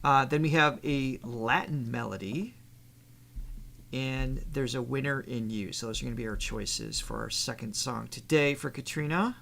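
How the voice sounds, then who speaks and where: Guy with a gravelly edge and a bright tone, vocal coach chatting on a live reaction stream. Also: mid-range voice, moderate pace. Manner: reads out poll options and facts, laughs easily. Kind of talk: casual live stream chat.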